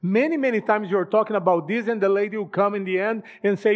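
A man's voice: high-pitched, fast. A man giving a church talk on marriage, addressing husbands directly with questions. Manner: direct, asks the men questions. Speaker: marriage ministry speaker.

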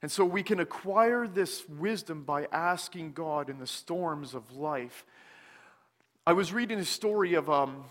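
Slow, unhurried male preacher in a reverberant hall. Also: on the high side. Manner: slow, deliberate delivery with frequent pauses, dropping softer on scripture. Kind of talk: sermon. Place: church sanctuary.

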